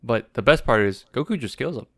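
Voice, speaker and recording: Young male podcast co-host, mid-pitched, easygoing, chatty. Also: a little fast. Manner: relaxed, filler-heavy, quotes his own reactions. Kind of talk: casual chat.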